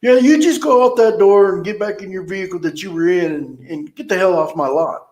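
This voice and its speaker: Man acting out a blustering car lot boss: pitched up, loud, contemptuous, roomy sound. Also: brisk, natural voice. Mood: angry. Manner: loud, scornful, cussing. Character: blustering rude male car lot manager.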